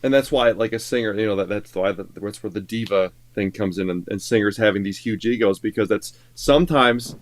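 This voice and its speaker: A man's voice: on the low side, a little fast, hardly any pauses. A man co-hosting a live reaction stream, talking casually and musing with plenty of fillers. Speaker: co-host and songwriter.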